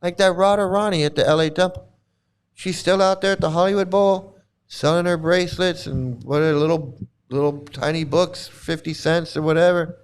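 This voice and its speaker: A man's voice: fairly high pitch, steady tone, moderate pace, clean tone. A man hosting casual commentary as he reacts to videos, blunt and sarcastic, swearing and often restarting his phrases.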